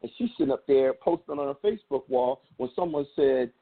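A man's voice: on the high side, very animated, brisk, creaky, breathy edge. A middle-aged man, a podcast co-host, telling a story in casual chat with a passionate, emphatic manner. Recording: tinny phone-like sound.

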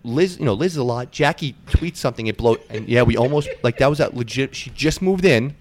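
Fast-talking man in his thirties. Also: medium pitch, slight background noise. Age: 30s. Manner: profane, animated storytelling with acted-out quotes. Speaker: podcast host. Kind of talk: casual podcast chat.

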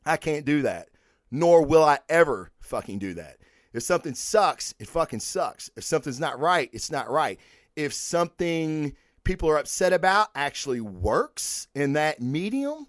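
A man's voice: a little high, normal speed, dry recording, clean studio sound. A middle-aged man hosting a comic book vlog, ranting bluntly and swearing freely in casual commentary. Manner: blunt, animated, profane, ranting. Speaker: comic book vlogger host. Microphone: microphone and camera.

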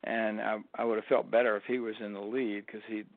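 A man's voice: lowish voice, brisk, gravelly, no room sound. An older man, a retired college tennis coach, telling stories as an interview guest and acting out the quotes. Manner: animated storyteller who acts out quotes. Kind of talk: storytelling interview. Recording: dry phone-like line.

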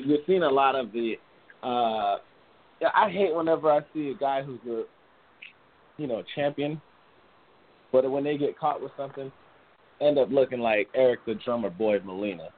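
Rambling man on a tinny line. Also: medium pitch. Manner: rambling, laughs often, many restarts. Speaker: boxing podcast host. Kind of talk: casual sports talk. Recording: tinny phone-like audio.

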